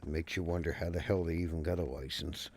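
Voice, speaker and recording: A man with a low, deep voice talks through a game stream in a loose, rambling way. He swears freely and slips into folksy rants, and a faint hiss of noise sits behind him. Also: fairly even intonation, fast talker, darkish tone. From Canada. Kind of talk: casual chat while gaming.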